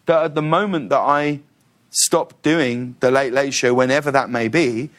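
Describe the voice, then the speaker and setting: A middle-aged man, telling stories in a casual interview with an animated, laughing manner. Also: mid-range voice, normal speed. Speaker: talk show host, guest.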